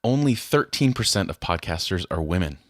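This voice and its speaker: Guy hosting a podcast, real low voice, jokey announcer vibe, dry sound. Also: big pitch swings, fairly quick, dry recording. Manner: playful, mock-grand announcing. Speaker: podcast host. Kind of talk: casual chat.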